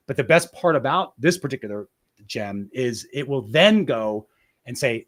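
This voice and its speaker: A man of middle pitch explains a process at length in casual interview talk. He rambles, restarts his sentences, and keeps checking in with "right?" as he goes. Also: lively intonation, moderate pace, fairly bright tone. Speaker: guest.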